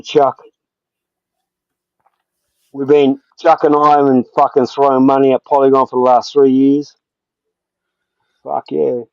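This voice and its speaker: A man's voice: mid-range voice, no room sound. An Australian man in heated, profane live-stream banter, combative and talking over others, on dull lo-fi stream audio. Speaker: livestream panel guest.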